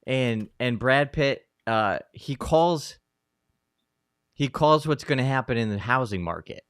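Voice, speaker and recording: Male co-host, casual chat, lively storyteller with restarts, mid pitch, dry studio sound. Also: a little slow, clear, resonant tone, dry recording. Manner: animated storytelling, many fillers and restarts. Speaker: co-host, Catholic psychologist. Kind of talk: casual conversational commentary.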